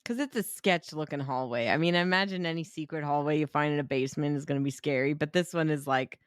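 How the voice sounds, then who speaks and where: A woman's voice: deep voice, fast, no room sound, clean studio sound. A woman co-hosting a podcast, chatting casually and profanely about a movie and acting out quotes. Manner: profane, animated, acts out quotes. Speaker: podcast co-host.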